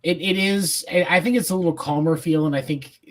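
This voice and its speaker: A man co-hosting a sports podcast, giving measured opinions with casual fillers. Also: a little high. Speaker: podcast co-host.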